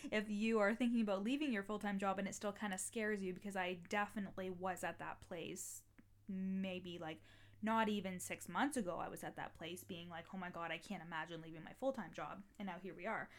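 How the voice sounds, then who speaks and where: A young adult woman hosting a solo podcast as a coach, talking casually with lots of "like" and the odd swear word. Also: medium pitch. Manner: chatty, heavy use of "like", occasional swearing. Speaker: podcast host and mindset coach.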